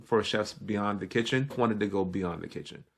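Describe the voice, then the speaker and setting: Brooklyn guy, deepish voice, talks fast, guest chef on a chill podcast. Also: vocal fry. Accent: Brooklyn New York. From Brooklyn, New York. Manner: fast-talking, energetic. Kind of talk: casual podcast conversation.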